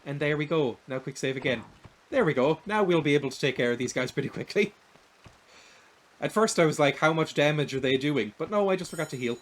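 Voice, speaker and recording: A man's voice: fairly high pitch, lively intonation, fairly quick. A man with an Irish accent, giving casual, rambling, self-deprecating commentary while streaming a video game. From Ireland. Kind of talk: casual let's-play commentary.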